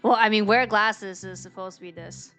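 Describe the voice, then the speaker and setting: A woman's voice: medium pitch, steady tone, moderate pace, fairly bright tone, soft background music. A woman streaming a game, reading its dialogue aloud and chatting in a rambling, filler-heavy way, laughing often. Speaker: VTuber streamer.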